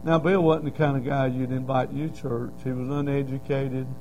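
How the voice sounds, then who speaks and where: A man's voice: mid-range voice, flat delivery, moderate pace, dark tone, muffled recording, soft background music. A middle-aged man preaching a sermon, telling stories in a folksy way and building to emphatic cries.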